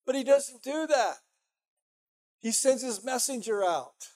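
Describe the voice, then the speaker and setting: A man's voice: extremely high pitch, animated, unhurried, long pauses, a little mellow. A man preaching a sermon as pastor, conversational and emphatic, often saying "you know".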